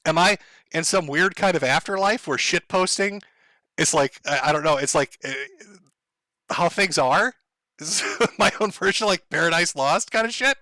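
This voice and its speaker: A bright-toned man rants sardonically on his livestream, swearing freely and breaking into laughter. His voice sits fairly high and sounds dry and close. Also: normal speed, no room sound. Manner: sardonic, profane, laughs often. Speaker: livestream host. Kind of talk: casual livestream rant.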